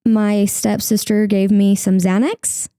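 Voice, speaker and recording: Young woman guest, creaky mellow voice, candid and chatty, close dry podcast mic. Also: mid-range voice, little pitch movement, slow, no echo. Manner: candid, heavy use of "like", acts out her own past words. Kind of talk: emotional personal interview.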